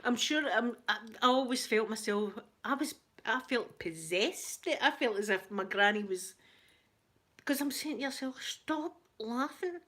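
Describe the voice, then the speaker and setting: A Scottish woman hosting her channel, telling a story in casual, animated chat. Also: on the high side, normal speed. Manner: chatty, animated anecdote telling. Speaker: ASMR channel host.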